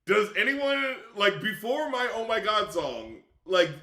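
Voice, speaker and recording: A man's voice: high voice, very animated, measured pace, bright, forceful tone. Profane, laughing man in an echoey room. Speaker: music critic streamer. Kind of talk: casual live-stream chat.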